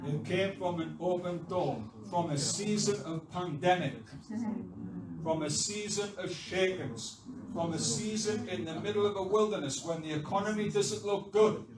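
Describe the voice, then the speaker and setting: A fervent man preaching in a large church, his voice set fairly high for a man and rising to loud exhortation. He is heard from some distance, with the sound ringing around the hall. The congregation calls back to him throughout. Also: moderate pace, crowd noise. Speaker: pastor. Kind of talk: sermon. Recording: echoey hall, voice from far off. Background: congregation responding.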